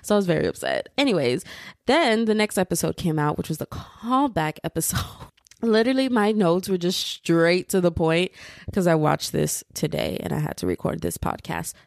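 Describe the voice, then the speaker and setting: Chatty young woman podcaster, lowish voice. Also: big pitch swings, moderate pace, creaky, no room sound, studio quality. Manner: rambling, chatty, laughs often, fillers like "like". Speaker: podcast host. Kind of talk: casual solo podcast chat.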